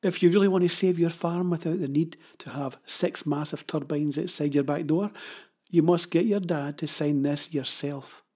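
A man's voice: fairly high pitch, dark tone, husky. A man voicing a cheeky, self-assured boy who teases and steers the girl along, in a storybook reading. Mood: teasing. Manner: teasing, knowing, unhurried. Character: cheeky, confident young boy.

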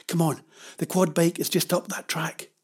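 Cheeky storybook farm boy, teasing and offhand, husky and brisk, as the narrator plays him. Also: medium pitch, little pitch movement, a little mellow, natural voice. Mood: urgent. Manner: quick, joking, offhand. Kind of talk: storybook reading.

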